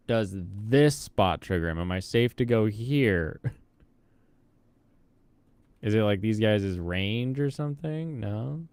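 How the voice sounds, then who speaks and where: Low, smooth-voiced man thinking aloud. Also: expressive, takes it slowly, pauses often, a little mellow, no echo. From Pacific Northwest, US. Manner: thinks aloud, chatty, reacts to chat. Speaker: streamer. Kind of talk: casual gameplay commentary.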